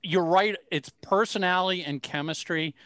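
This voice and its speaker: A man from Minnesota hosting a podcast, telling jokey, animated stories in casual chat. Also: high-pitched, moderate pace, no echo. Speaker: podcast host.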